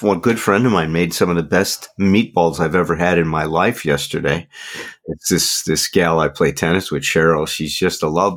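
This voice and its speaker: A man's voice: sits low, slightly rough. A middle-aged man talking as a podcast guest, earnest and reflective, often restarting his sentences. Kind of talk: candid personal conversation.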